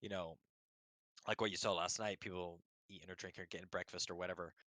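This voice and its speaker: Sick male game master, halting. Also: deep voice, fairly even intonation, bright, forceful tone, no echo. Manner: loose, halting with fillers. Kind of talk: narrating a tabletop game.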